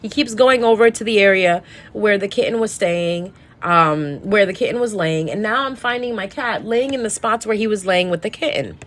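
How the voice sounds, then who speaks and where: A woman's voice: medium pitch, normal speed. A tarot reader, a woman, talking casually and emotionally, sad and tearful, rambling and restarting her sentences. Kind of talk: casual storytelling monologue.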